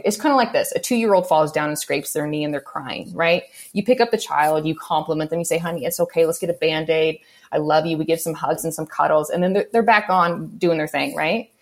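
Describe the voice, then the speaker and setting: Low-pitched woman guest, earnest spiritual teacher, checks in with listeners as she explains. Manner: earnest teaching tone, often checks in with "okay" and "right?". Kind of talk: conversational podcast interview.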